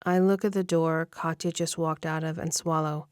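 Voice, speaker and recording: A woman narrating a first-person romance audiobook in an even, measured storytelling manner, close to the mic. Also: low-pitched, clear, resonant tone, no room sound.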